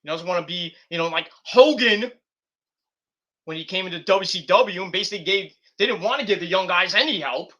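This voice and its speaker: A man's voice: sits high, a little fast, bright, forceful tone, muffled recording. A man hosting a wrestling talk show, rambling in a casual and profane way, often restarting his sentences and filling gaps with ums. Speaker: wrestling podcast host.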